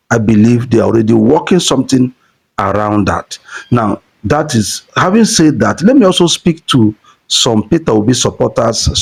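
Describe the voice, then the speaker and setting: A man's voice: mid-range voice, creaky, a little mellow, breathy edge. A man with a Nigerian accent giving earnest political commentary to supporters, repeating points for emphasis. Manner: earnest, repetitive, building to emphasis.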